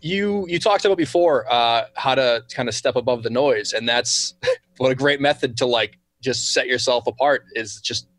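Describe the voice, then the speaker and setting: A man co-hosting a podcast who chats in a quick, joking way with plenty of fillers. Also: mid-range voice, fairly bright tone, no echo. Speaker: podcast co-host. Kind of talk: casual chat.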